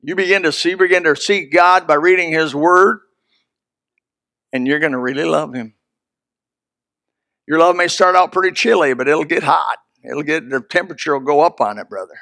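An older man preaching a folksy sermon, swinging from loud, high exclamations to low, hushed lines. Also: moderate pace, creaky, pauses often. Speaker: pastor.

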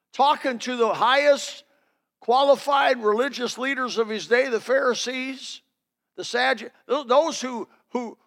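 A man's voice: very high voice, vocal fry, bright, forceful tone. A man preaching a sermon, telling folksy personal stories in an emphatic, building delivery.

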